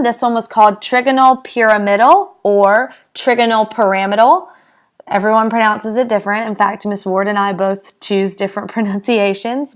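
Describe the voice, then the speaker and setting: A woman chemistry teacher, summarizing each problem in a brisk, plainly spoken way. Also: mid-range voice. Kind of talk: explaining with drawings.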